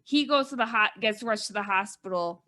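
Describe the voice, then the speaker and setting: A woman's voice: mid-range voice, fairly quick, bright, forceful tone. A woman co-hosting a casual movie review chat, recapping the plot in a rambling way full of "like" and "kinda".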